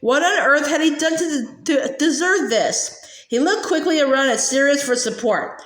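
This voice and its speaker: A woman's voice: high voice, expressive, moderate pace, a bit bright. A woman reading a novel aloud casually, stumbling and restarting now and then, in a roomy echo. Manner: reads with frequent hesitations and restarts. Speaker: reader.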